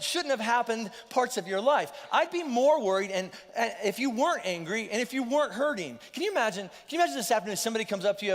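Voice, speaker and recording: A man preaching a sermon as pastor, animated and conversational, with lively asides to the congregation. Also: extremely high pitch. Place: church auditorium. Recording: long hall reverb.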